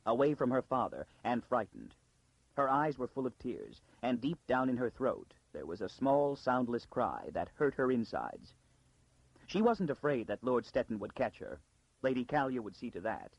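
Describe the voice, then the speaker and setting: A man narrating an audiobook in a dramatic storytelling style with a gravelly, husky voice. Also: mid-range voice, sing-song, moderate pace, a little mellow, no room sound, dull audio. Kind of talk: scripted narration.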